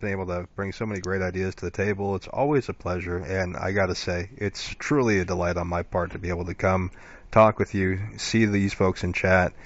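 A man's voice: sits low, fairly even intonation, a little fast, highs cut off. A male show host in casual live-stream chat, affirming and rambling with many fillers.

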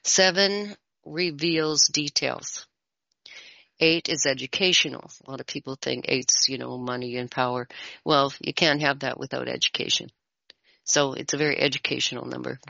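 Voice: medium pitch, fairly even intonation, moderate pace, creaky, bright, forceful tone, no echo, muffled recording. A tarot reader talking as a guest in a casual conversation, rambling a little and chuckling often.

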